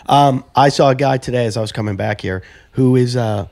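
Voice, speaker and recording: A man's voice: mid-range voice, fairly quick, creaky, a little mellow, no echo. A man hosting a podcast in casual chat, telling stories and acting out both sides of conversations. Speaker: podcast host.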